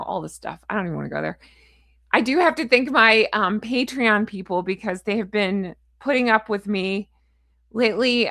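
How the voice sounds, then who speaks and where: Gravelly-voiced woman vlogger signing off. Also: mid-range voice, a bit bright, no room sound, clean studio sound. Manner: frustrated, ranting and blunt; chatty, sign-off rambling. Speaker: royal commentary vlogger. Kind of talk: casual chat to camera.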